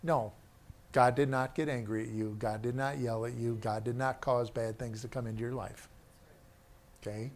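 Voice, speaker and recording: An older man preaching a sermon to his congregation, often dropping his voice low and then rising to loud, urgent emphasis. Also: moderate pace, slight background noise. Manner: animated preaching, shifts from soft to loud.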